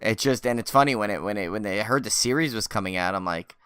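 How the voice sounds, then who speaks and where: A man co-hosts a horror podcast in loose, rambling casual chat full of restarts. His voice is bright and crisp. The sound is dry and close. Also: lowish voice, fast talker, no echo. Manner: rambling, many restarts and fillers. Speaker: podcast co-host.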